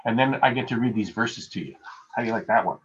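A man's voice: medium pitch, fast, highs cut off. A man preaching a sermon as pastor, earnest and emphatic, repeating key phrases for weight.

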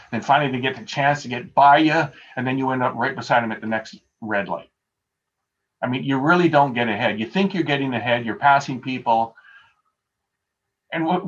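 A man delivering a sermon at a mid pitch, speaking in an easygoing, anecdotal way and poking fun at himself. The sound is muffled and lo-fi, like audio from a video call. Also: fairly bright tone, slight background noise. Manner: conversational, anecdotal, self-deprecating. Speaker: pastor.

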